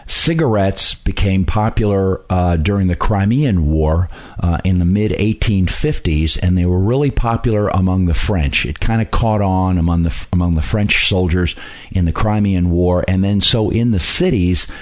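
A man explaining history in a relaxed, conversational way, pausing often with "uh" as he tells stories. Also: low-pitched. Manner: unhurried storyteller with frequent "uh" pauses.

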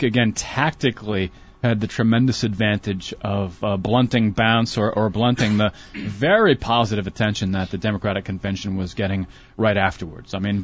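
Low-voiced male pundit, analytical. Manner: measured, many fillers and restarts, analytical. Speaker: political commentator, professor and author. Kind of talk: casual political discussion. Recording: dull lo-fi radio broadcast.

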